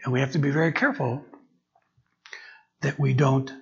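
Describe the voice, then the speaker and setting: A man's voice: mid-range voice, fairly even intonation, moderate pace, vocal fry, breathy edge. A man preaching as an interim pastor, often restarting and repeating words as he searches for his phrasing. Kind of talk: sermon. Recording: dull lo-fi recording.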